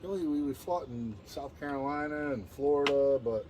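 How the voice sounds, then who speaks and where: A man's voice: a little high, moderate pace, crowd noise. A man, a band member and guest, telling rowdy tour stories in casual chat, swearing often and acting out what others said. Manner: animated, profane, acts out quotes in other voices.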